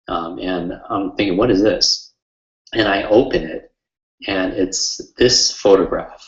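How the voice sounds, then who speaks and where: A man with a very deep, low voice tells a personal story to an online audience in an earnest, heartfelt way, with frequent fillers as he rambles. His voice sits in a roomy space that reflects around it. The sound is slightly dull and muffled. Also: fairly even intonation, a little slow. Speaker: memory coach hosting a webinar.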